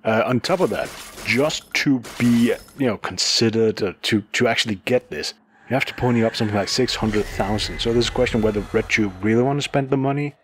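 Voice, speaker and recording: A man's voice: mid-range voice, fairly quick, slight background noise. A man co-hosting a podcast who explains news stories in a chatty, casual way. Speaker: podcast co-host. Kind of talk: casual chat.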